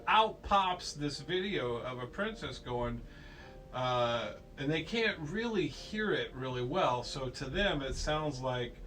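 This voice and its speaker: A man's voice: mid-range voice, fairly bright tone, low-quality recording. A man casually retelling a film story to a child at home, playful and rambling, slipping into goofy voices.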